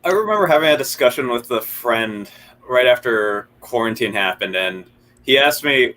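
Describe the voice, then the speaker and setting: A man's voice: mid-range voice, animated, normal speed, pushed and bright, low-quality recording. A man on a podcast panel, telling a story in a rambling, laughing way. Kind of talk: casual storytelling.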